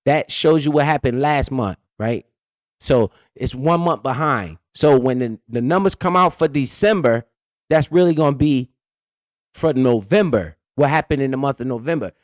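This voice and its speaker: A man talks on his own livestream, slightly high-voiced and worked up, swearing freely and firing off questions he answers himself. The sound is dry and close, with the dull, muffled tone of lo-fi stream audio. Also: no echo. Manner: profane, blunt, fired-up, asks and answers his own questions. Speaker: finance livestream host. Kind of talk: casual explanatory livestream talk.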